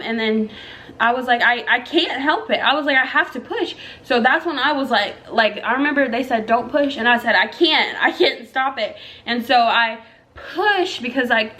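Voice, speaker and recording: A woman's voice: a little high, moderate pace, a bit bright. A young woman vlogger telling her own story in a chatty, emotional way, talking straight to her viewers. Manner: chatty, emotional, addresses viewers as girl and y'all. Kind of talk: casual storytelling to camera.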